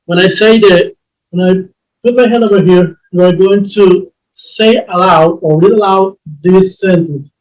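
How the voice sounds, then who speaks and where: A man teaching an English lesson, reading drill sentences slowly and reassuring his students with many restarts. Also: high voice, a little mellow, rough recording. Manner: reassuring, repeats himself with restarts.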